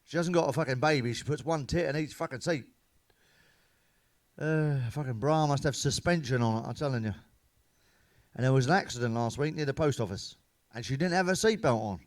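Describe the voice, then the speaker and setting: A man telling crude stand-up jokes in a blunt, heavily sweary manner with deadpan punchlines. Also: medium pitch, brisk, no echo. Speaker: comedian.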